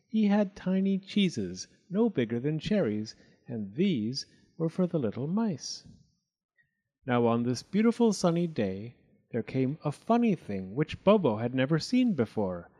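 A man reading a children's storybook aloud in an expressive, animated way. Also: medium pitch.

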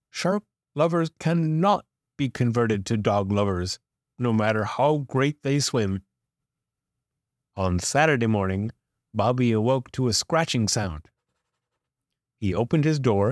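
Slow, lively storybook-reading man. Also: mid-range voice, dry recording, clean studio sound. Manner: expressive, playful emphasis. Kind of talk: children's book read-aloud.

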